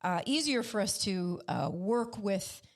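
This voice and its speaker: A woman's voice: mid-range voice, expressive, unhurried. A woman with a mid-range voice talks things through on a podcast. She explains ideas in a thoughtful way and takes her time building each point. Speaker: podcast co-host. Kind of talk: casual conversation.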